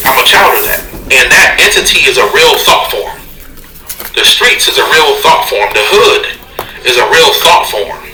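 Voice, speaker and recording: A man's voice: on the high side, very animated, normal speed. A man from upstate New York talking casually on a podcast, explaining at length and checking in with "right?". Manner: preachy, explaining with repeated "right?". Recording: echoey room with crowd noise.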